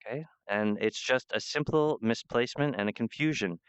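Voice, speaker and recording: A man's voice: mid-range voice, normal speed, clear, resonant tone, no echo, lo-fi sound. A man giving a meandering spiritual monologue, full of fillers and restarts.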